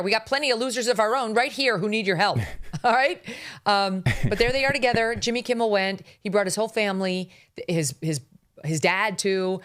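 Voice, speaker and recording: A woman hosting a political commentary podcast, talking in a sarcastic, indignant, mocking way. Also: medium pitch. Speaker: host.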